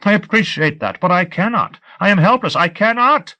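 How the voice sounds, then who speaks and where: Fields: man voicing a terrified man pleading innocence. Tone: high, shrill. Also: lively intonation, normal speed, bright, forceful tone. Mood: panicked. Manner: pleading, shrill with panic, stammering. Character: panicked male tourist accused of spying, desperate. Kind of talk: audiobook reading.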